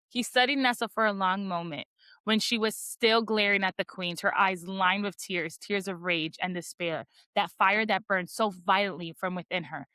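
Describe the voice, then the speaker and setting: A woman hosting a book podcast, retelling chapters in a casual, animated way and reading quotes aloud dramatically. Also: mid-range voice, no echo. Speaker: podcast host. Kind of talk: casual book-club recap.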